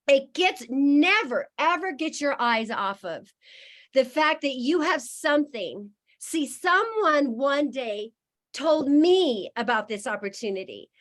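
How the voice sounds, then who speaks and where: Guest speaker: high woman, heartfelt and emphatic, on a video call. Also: fairly bright tone. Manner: emotional, emphatic, repeating phrases for effect. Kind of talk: motivational speech on a video call.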